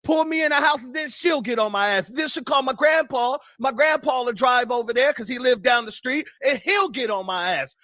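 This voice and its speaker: A man's voice: extremely high pitch, moderate pace, hardly any pauses, bright, forceful tone, no echo, studio quality. A man from the United States hosting a news commentary show, talking bluntly and profanely and telling stories from his childhood. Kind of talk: casual commentary.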